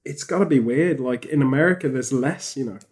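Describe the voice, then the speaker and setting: A man chatting on a podcast, rambling and animated, with frequent restarts. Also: medium pitch, a little fast. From England. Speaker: podcast host. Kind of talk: casual podcast chat.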